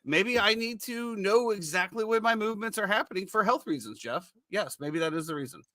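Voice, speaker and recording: A man's voice: sits high, animated, fairly quick, pushed and bright, no room sound, clean studio sound. A middle-aged man hosting a podcast, chatting casually in a joking, rambling, self-mocking way. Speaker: podcast host.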